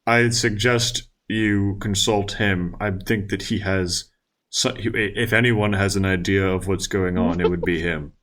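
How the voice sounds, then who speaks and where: A man's voice: low voice, fairly even intonation, slow, a bit bright. A man voicing a polite, deferential male spaceship crew worker who speaks formally.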